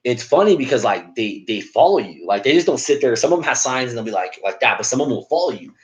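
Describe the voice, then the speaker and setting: A man's voice: mid-range voice, big pitch swings, quick pace. A man co-hosting a podcast, telling travel stories in loose, slang-filled casual chat with lots of fillers. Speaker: podcast co-host. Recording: dull lo-fi sound.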